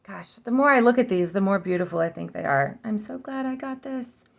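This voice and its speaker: Gravelly-voiced woman sounding out names. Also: medium pitch. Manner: chatty, practicing name pronunciations slowly and repeatedly. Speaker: oracle deck reviewer. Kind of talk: casual flip-through vlog.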